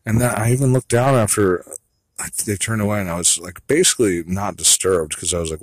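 Brief: low-voiced man, husky, dry close sound, casual swearing monologue. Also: fast, no echo. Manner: rambling, profane, second-guessing himself. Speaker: vlogger.

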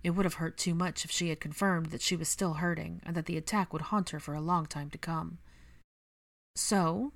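Woman, audiobook narrator, gentle, even, low voice, dry close sound. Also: fast talker, gravelly, few pauses, no echo. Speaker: reader. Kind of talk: audiobook narration of fan fiction.

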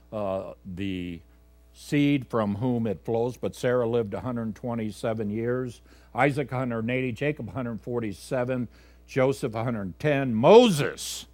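A male pastor preaching a sermon to his congregation. He swings between loud, emphatic exhortation and quiet, low asides, talking conversationally with fillers and self-corrections. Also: no room sound.

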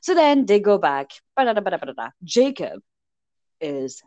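A woman chatting casually, recapping a film with exasperated, animated storytelling and mocking voices. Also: medium pitch, normal speed, no room sound. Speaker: podcast co-host recapping a film. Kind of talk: casual chat.

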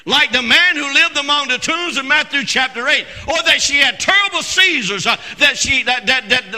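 A man preaches to his congregation with a piercingly bright, tense voice, urging them to call back and lacing his lines with "uh" and restarts. He swings between shouted passages and hushed asides. A long church reverb trails every phrase. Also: very high-pitched. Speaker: senior pastor. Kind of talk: sermon. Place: church sanctuary.

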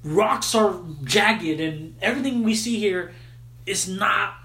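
A man voicing a startled, loud-mouthed male ape-man who swears and talks in slang. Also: high-pitched, takes it slowly, echoey room, exaggerated voice. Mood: baffled. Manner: slangy, swearing, incredulous yelps.

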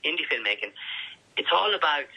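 Husky bright-voiced man rambling casually. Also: a little high, very animated, a little fast, rough recording. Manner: rambling with frequent restarts and fillers. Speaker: podcast guest, actor. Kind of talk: casual interview chat.

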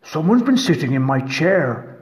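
A man's voice: a little high, big pitch swings, a little slow. A man voicing a big father bear who talks in a growling way. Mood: gruff.

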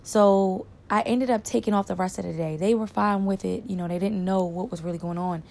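A woman telling a personal story in a candid, reflective way, pausing and repeating words for emphasis. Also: medium pitch, fairly even intonation, gravelly, dark tone. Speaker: storyteller sharing a personal experience.

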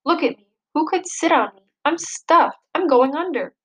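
Lady doing an overstuffed storybook armchair, fussy and high, grumbling about everything piled on it. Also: expressive, moderate pace. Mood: indignant. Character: complaining stuffed armchair, overloaded.

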